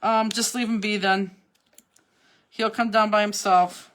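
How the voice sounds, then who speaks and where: A middle-aged woman leads a live crafting class from home. She chats casually, explains each step and why, and jokes with whoever is nearby. Her voice sits at an ordinary middle pitch. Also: fairly even intonation, measured pace, fairly bright tone. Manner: chatty, instructive, teasing asides. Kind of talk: live online card-making class, casual chat.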